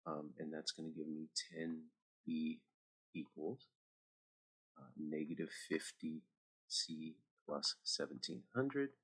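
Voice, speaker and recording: A man's voice: low-pitched, husky. A man teaching math over a screen recording, chatty and talking straight to his students with little asides.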